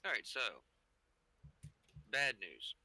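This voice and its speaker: A man's voice: medium pitch, big pitch swings, slow pace, bright, forceful tone, rough recording. A man chatting casually during a multiplayer game, listing the parts he still needs.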